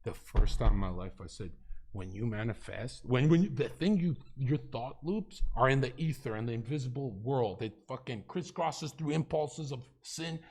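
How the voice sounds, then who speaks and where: Male streamer, mid pitch, lively melodic swings, profane storyteller who drops to a mutter and then shouts. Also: normal speed, breathy edge. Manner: animated, profanity-heavy storytelling that swings between hushed and loud. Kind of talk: casual heated debate chat.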